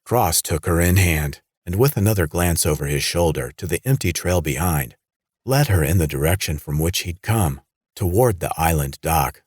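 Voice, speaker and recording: Deep husky male audiobook narrator. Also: normal speed, no echo, clean studio sound. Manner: dramatic, lively storytelling. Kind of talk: scripted horror narration.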